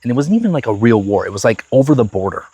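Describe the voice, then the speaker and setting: A man's voice: mid-range voice, very animated, racing, warm tone, slightly rough, no echo. A man co-hosting a casual current-events podcast, talking emphatically and often restarting and repeating his words. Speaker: podcast co-host.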